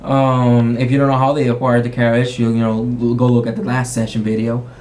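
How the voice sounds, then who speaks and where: A man who is a game master, casually recapping a tabletop roleplaying session in a rambling, animated way with frequent restarts. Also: mid-range voice, fairly quick.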